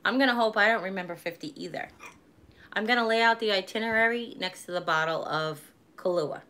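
A woman's voice: medium pitch, brisk, sharp tone. A woman in her forties chatting casually on a live stream, rambling and laughing easily. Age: 40s. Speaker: vlogger hosting a live stream.

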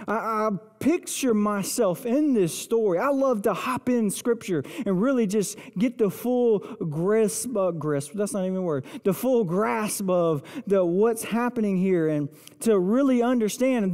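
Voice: medium pitch, animated, unhurried. Dramatic storytelling pastor in an echoing church. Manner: vivid, dramatic retelling of scripture, dropping to hushed intensity. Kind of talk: sermon. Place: church sanctuary. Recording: long reverb of a large church hall.

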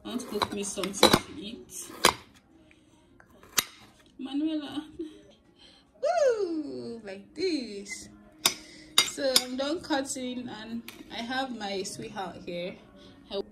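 A Nigerian-accented woman chats in a casual vlog, her voice high and swooping widely as she talks expressively. She speaks at an unhurried pace. A clear layer of background ambience hums under her voice. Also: loud music behind the voice. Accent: Nigerian English. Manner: expressive, swings between laughing and worried talk. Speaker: vlogger.

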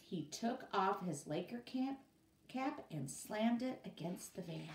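Slow, expressive woman reading a story aloud. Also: medium pitch, a little hiss or hum. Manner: expressive, pausing for students' questions. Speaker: teacher. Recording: roomy, from away from mic.

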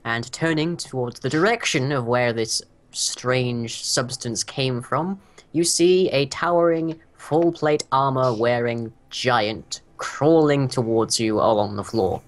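A man as game master, narrating a tabletop game in a halting way with many fillers. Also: mid-range voice.

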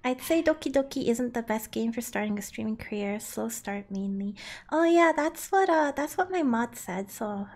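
A woman's voice: fairly high pitch, expressive, moderate pace, darkish tone. A woman streaming a game, chatting casually with her viewers, reading their messages aloud and answering with giggles and playful grumbles. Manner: yelps and grunts while playing. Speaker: streamer playing a climbing game. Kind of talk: casual live-stream chat.

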